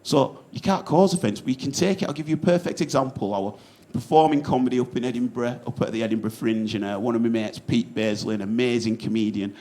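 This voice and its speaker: A man's voice: mid-range voice, quick pace, mellow. A man with a Yorkshire accent doing a stand-up set, telling stories in an earnest, casual way with some swearing. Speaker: stand-up comedian.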